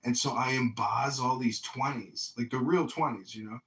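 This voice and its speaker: A man running for mayor chats casually, telling stories excitably, with profanity and frequent laughter. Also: medium pitch, moderate pace. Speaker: mayoral candidate. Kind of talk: casual storytelling chat. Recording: echoey room, distant mic.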